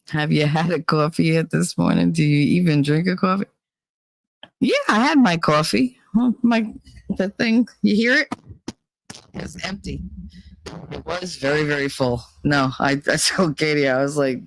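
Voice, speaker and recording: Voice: medium pitch, lively intonation, moderate pace, pauses often, no echo, poor audio. A livestream host chatting casually and profanely with viewers, rambling, laughing and humming filler tunes between thoughts. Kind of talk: casual rambling chat to a live chat.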